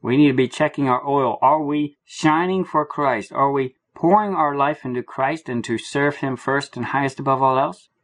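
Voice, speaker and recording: A man giving an earnest Bible teaching, slow and emphatic, repeating his phrases for weight. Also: mid-range voice, a bit bright. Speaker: preacher.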